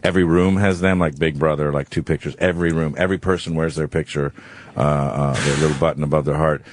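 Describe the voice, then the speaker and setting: Man, radio studio guest, very deep voice, rambling, profane, lots of fillers. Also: steady tone, fast, a little hiss or hum. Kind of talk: casual radio storytelling.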